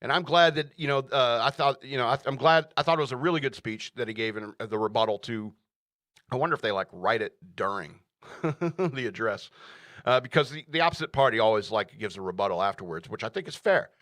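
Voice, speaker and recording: Talk radio guy ranting solo, bright punchy voice, dry close sound, keeps saying all right. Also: medium pitch, expressive, brisk, dry recording. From United States. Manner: emphatic, repeats "all right?". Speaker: radio show host. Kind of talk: opinionated solo commentary.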